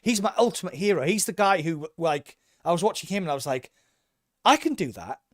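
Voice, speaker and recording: A man's voice: a little high, fast talker, no room sound, clean studio sound. A man co-hosting a casual podcast, talking with eager enthusiasm and rambling through restarts. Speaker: podcast co-host.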